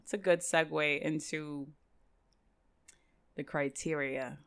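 A woman's voice: deep voice, steady tone, slow, clear, resonant tone. A woman co-hosting a podcast in casual chat, asking questions and steering the conversation. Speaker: podcast co-host.

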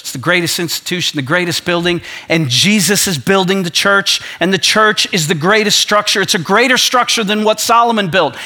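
An impassioned male pastor delivers a sermon in a high, bright voice. His tone is forceful and tense, and it builds in fervor as he reads scripture aloud.

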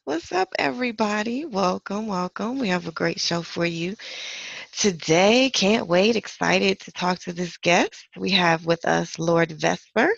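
A woman co-host with a gravelly, creaky edge to her mid-range voice introduces the guest in an upbeat way. Her sound is a bit dull and lo-fi, and dry, with no room around it. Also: fairly low pitch, fairly even intonation, measured pace, dry recording. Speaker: podcast co-host. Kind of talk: casual podcast hosting.

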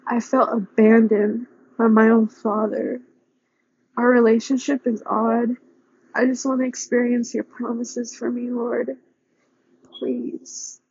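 A young woman speaking an earnest, pleading personal prayer with a breathy voice. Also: a little high, flat delivery, slow, darkish tone, lo-fi sound, a little hiss or hum. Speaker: vlogger praying aloud.

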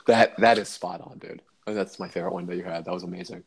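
This young man co-hosts a casual podcast, his low voice quick and a bit rough with no echo. He tells stories with a laugh, animatedly acting out quotes.

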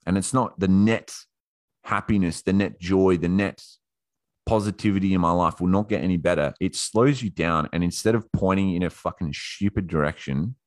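Deep-voiced blunt man, dry sound. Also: no room sound. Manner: blunt, swears freely, self-interrupting. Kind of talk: casual motivational talk to camera.

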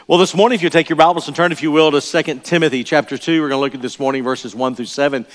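A man's voice: on the high side, steady tone, very fast. Older man preaching in a reverberant church. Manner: earnest, emphatic, repeats key phrases. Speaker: pastor. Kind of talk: sermon. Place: church sanctuary. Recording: long reverb of a large church hall.

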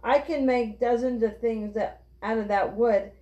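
Storybook boy, resourceful, eager, planning aloud, voiced by a woman, higher pitch, roomy dull recording. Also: a little slow, dark tone, close to an everyday voice.

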